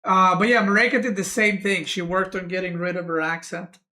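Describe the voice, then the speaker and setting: Man, game streamer, relaxed chat with viewers, bright tone, desk mic. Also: high-pitched, a little fast. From Serbia. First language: Serbian. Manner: relaxed, answers chat questions aloud.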